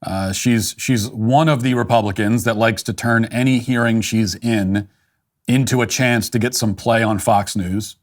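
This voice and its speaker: A man's voice: lowish voice, steady tone, a little slow. A man hosting a political commentary show, talking in a dry, dismissive way with frequent restarts.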